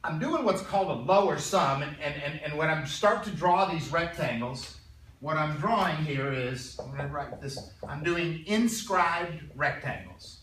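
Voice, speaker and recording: A male math teacher lecturing a classroom in a conversational way, often clearing his throat and checking in with his students. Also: a little high, expressive, a little slow, a bit bright, slight background noise. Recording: roomy classroom sound from a distance.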